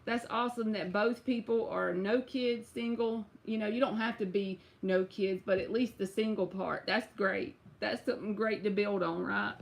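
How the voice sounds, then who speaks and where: A woman's voice: medium pitch, fairly even intonation, normal speed, creaky, hardly any pauses. A woman giving a casual, chatty tarot reading on a live stream. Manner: casual, chatty, uses y'all and bruh. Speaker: tarot reader.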